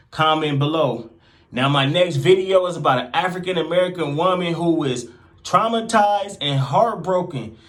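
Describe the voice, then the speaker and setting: A man hosting a reaction video channel, talking casually and asking viewers to comment below. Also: sits high. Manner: asks viewers to comment, plain-spoken.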